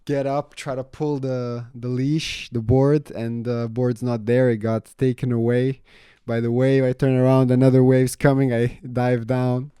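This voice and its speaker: A young man chatting casually about his life in a vlog. He swears freely, leans on "you know" and "man", and gets louder when he retells a story. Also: mid-range voice, little pitch movement, a little slow, smooth, no room sound, clean studio sound. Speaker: vlogger.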